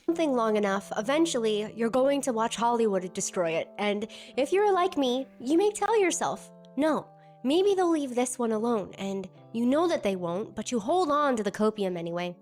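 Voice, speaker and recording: A woman with a slightly hoarse sick voice, reading a scripted commentary with wry sarcasm. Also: fairly high pitch, big pitch swings, moderate pace, few pauses, darkish tone, soft background music. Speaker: video essayist.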